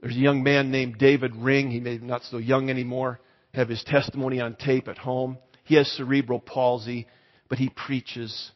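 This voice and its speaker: A male pastor tells stories to his congregation in a relaxed, conversational way, at a middling pitch. His voice carries through a long-reverb church hall, and the sound is slightly dull. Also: moderate pace. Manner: conversational, asks the congregation to raise hands. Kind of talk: storytelling sermon.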